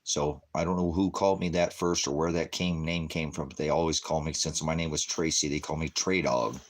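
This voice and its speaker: A man's voice: rumbling low, steady tone, a little fast. A middle-aged man preaching an informal, rambling testimony, often calling out to his brothers and sisters. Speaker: independent preacher.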